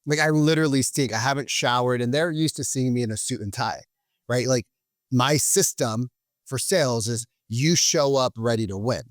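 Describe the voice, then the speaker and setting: Animated storytelling man, dry sound. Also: mid-range voice, normal speed, no room sound. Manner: animated, acts out quoted people. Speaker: podcast guest. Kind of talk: casual storytelling.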